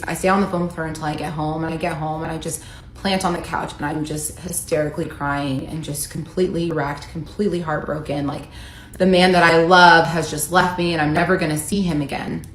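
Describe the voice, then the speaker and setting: In a deep voice with little pitch movement, an American woman in her thirties tells a personal story on her vlog a little quickly. She recounts it earnestly and emotionally, reading texts aloud. The room is echoey, with faint ambient noise.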